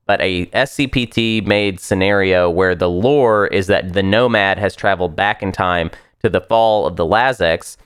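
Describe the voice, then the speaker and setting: A man's voice: sits low, moderate pace, hardly any pauses, a bit bright, smooth, dry recording, clean studio sound. A man co-hosting a casual board game podcast, thinking aloud with hesitant, searching phrasing. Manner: hesitant, many fillers and restarts, thinking aloud. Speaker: podcast co-host.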